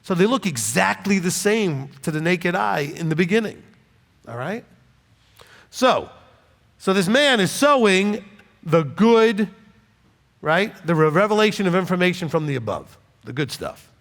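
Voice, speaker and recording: A male rabbi preaching in a blunt, chatty way, often checking in with his listeners. His voice sits high and swings widely up and down. It carries a long reverb, as if from a hall. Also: very animated, measured pace, gravelly. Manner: blunt, conversational, jokes and asks "okay?" often. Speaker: rabbi teaching scripture. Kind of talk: informal sermon teaching.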